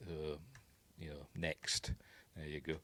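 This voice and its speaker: Low-voiced Yorkshire man rambling through a film. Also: level tone, slow, bright, forceful tone, dry recording. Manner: rambling, many fillers and restarts. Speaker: film reviewer. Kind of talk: casual film breakdown.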